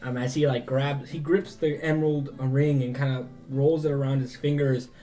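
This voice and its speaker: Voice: mid-range voice, steady tone, moderate pace, dark tone, faint music behind. A game master narrating a tabletop game in a rambling way, full of fillers.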